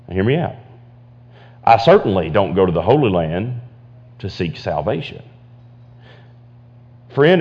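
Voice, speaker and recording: A male pastor preaches a sermon in church, repeating phrases and stammering into restarts as he climbs toward emphatic points. His mid-range voice is a little mellow, and the highs are cut off.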